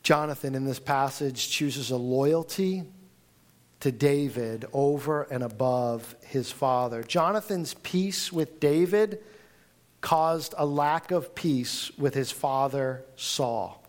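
A man preaching a sermon, reading scripture aloud and retelling the story in an animated, conversational way with frequent restarts. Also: medium pitch, takes it slowly. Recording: audio recording of a talk.

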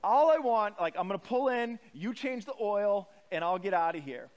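A man's voice: sits high, lively intonation, normal speed. Chatty male pastor. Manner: conversational and self-deprecating, telling anecdotes. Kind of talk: sermon.

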